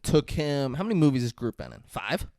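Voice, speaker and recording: A man's voice: mid-range voice, big pitch swings, fairly quick, a little mellow, no echo, studio quality. A man co-hosting a podcast, ranting in disbelief and swearing as he chats about a movie. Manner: incredulous, ranting, profane. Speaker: podcast co-host. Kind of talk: casual movie review chat.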